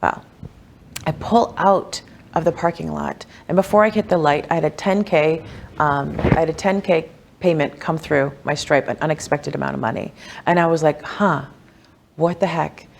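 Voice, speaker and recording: A woman, a wealth coach, telling personal stories in a casual podcast interview, animated and chatty, with lots of "like" and "you know.". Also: normal speed, gravelly, a little hiss or hum. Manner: animated, acts out quoted voices with big pitch jumps.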